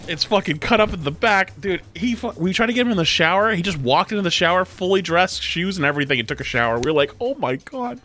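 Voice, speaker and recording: Young guy streaming, kinda high bright voice, swears a lot, gets loud, faint game music behind. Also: fast, few pauses. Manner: animated, profane, often gets loud. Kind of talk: casual storytelling while gaming.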